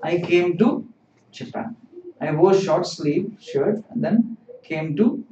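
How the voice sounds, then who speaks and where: A man teaching a Japanese lesson, repeating each phrase and translating it in a deliberate, explanatory way. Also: high voice, expressive, mellow, slight background noise. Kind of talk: live-streamed language lesson. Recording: echoey, distant, dull live-stream audio.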